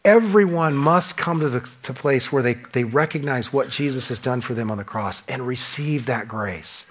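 Preaching to the congregation with real fervor, this male pastor speaks at a medium pitch and a moderate pace. He asks rhetorical questions and moves back and forth between booming emphasis and quiet, hushed moments.

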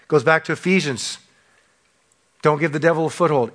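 A man preaching a sermon to a church congregation, impassioned, asking rhetorical questions and swinging between loud emphasis and hushed drops. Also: mid-range voice, lively intonation, moderate pace. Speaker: pastor.

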